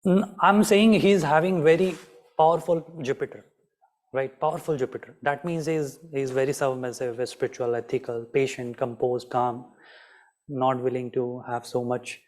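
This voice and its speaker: A man's voice: mid-range voice, fairly even intonation, normal speed, darkish tone. A man teaching an online astrology class, often asking students by name and repeating his questions.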